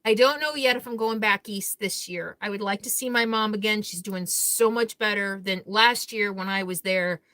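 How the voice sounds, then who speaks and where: A woman's voice: mid-range voice, normal speed, few pauses, bright, forceful tone. A woman hosting a casual live Q&A stream, reading viewer comments aloud and answering them in a candid, outspoken way with easy laughter. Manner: chatty, candid, laughs easily between remarks; blunt and outspoken.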